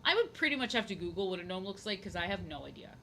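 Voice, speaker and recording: A woman's voice: medium pitch, big pitch swings, quick pace, pushed and bright, a little hiss or hum. A young woman chatting casually on her drawing stream, rambling, goofy and repeating herself. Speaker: art streamer.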